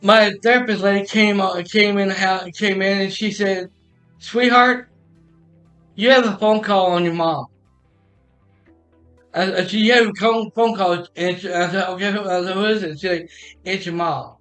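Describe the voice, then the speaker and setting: High-voiced man rambling through a story. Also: steady tone, normal speed, fairly bright tone, soft background music. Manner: rambling, repeats "I said" and restarts often. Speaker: podcast host telling a personal story. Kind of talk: casual storytelling.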